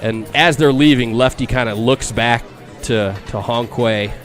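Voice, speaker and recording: A man's voice: mid-range voice, faint music behind. Casual male game master. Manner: casual, halting, repeats words. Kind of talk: narrating a tabletop game.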